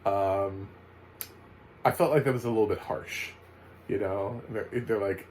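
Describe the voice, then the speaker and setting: An American man giving a casual, chatty spoken film review, full of animated asides and fillers. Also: lowish voice, takes it slowly, pauses often, slight background noise, low-quality recording. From United States. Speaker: movie reviewer.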